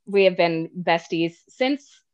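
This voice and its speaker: A woman talking as a podcast guest, telling personal stories in an animated, casual way and laughing often. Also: fairly low pitch, slow, clear, resonant tone, dull audio. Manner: animated, laughs often, acts out quoted people. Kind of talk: casual storytelling chat.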